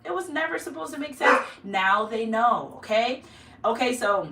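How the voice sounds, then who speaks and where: A woman's voice: on the high side, animated, normal speed, bright, forceful tone. Woman giving a chatty tarot reading. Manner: emphatic, repeats herself, chatty. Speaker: tarot card reader. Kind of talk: casual spiritual reading to camera. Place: home room. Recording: echoey room, mic far off.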